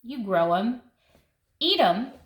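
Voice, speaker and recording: A woman's voice: on the high side, big pitch swings, slow pace. A woman, chatting enthusiastically as she flips through a seed catalog for her gardening vlog and thinking aloud as she goes. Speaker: gardening vlogger. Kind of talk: casual catalog flip-through. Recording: echoey room with faint noise.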